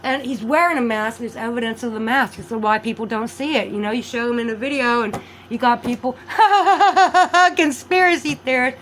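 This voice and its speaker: A woman vlogging a rambling monologue, animated, swinging between loud outbursts and low mutters. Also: fairly quick, a little hiss or hum, poor audio.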